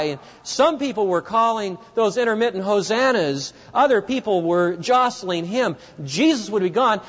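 Lively preacher storytelling a sermon. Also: male voice, high voice. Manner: vivid dramatic storytelling, addresses the listeners directly. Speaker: pastor. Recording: dull lo-fi recording with long hall reverb.

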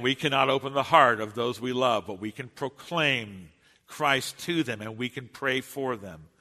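A man's voice: a little high, bright, forceful tone, long reverb tail. A male pastor preaching a sermon in an earnest, storytelling manner.

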